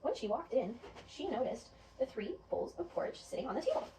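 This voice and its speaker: A woman teacher telling a children's story in an animated way, asking the children questions. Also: high voice, a little fast, far from the mic, background noise.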